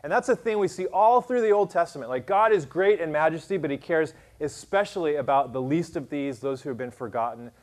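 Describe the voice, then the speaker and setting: A pastor delivering a sermon in a relaxed, chatty way, his voice sitting a little high for a man. He leans on fillers and restarts, then lifts and presses harder when he reads scripture aloud. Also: brisk, few pauses. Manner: casual, conversational preaching with many fillers.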